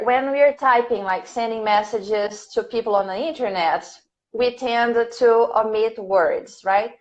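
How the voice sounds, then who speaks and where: A woman teaching a live online English lesson, patiently repeating each question slowly for her learners, a native Portuguese speaker. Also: on the high side. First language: Brazilian Portuguese. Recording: dull lo-fi stream audio.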